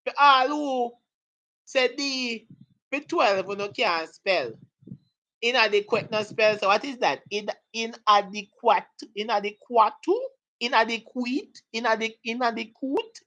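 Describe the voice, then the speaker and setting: A woman's voice: medium pitch, expressive, unhurried, a bit bright, low-quality recording. A woman teaching a live exam prep lesson, joking and laughing with her students as she goes. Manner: playful, laughing, hypes up students.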